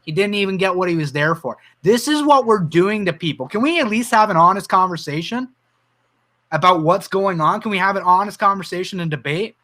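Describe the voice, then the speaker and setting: A man's voice: high-pitched, expressive, brisk, a bit bright. A Canadian man hosting a livestream, telling personal stories and reading viewer comments aloud in an earnest, emotional way. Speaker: livestream host.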